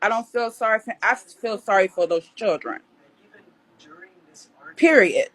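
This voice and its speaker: A woman's voice: fairly high pitch, a little slow, poor audio. A woman talking as a guest on a casual livestream, bluntly and indignantly, with frequent swearing.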